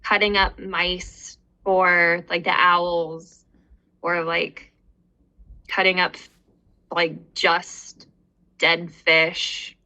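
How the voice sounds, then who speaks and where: A young woman in her twenties talks in an unhurried, easygoing way on a podcast. Her voice is bright and clear, and her sentences wander and trail off, padded with filler words. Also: lowish voice, little pitch movement, rough recording. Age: 20s. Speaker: podcast guest. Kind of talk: casual chat.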